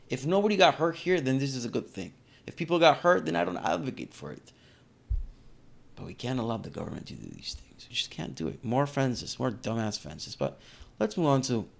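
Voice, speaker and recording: A man's voice: mid-range voice, gravelly. A man giving casual, indignant commentary on video clips. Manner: animated, indignant, reacting to clips.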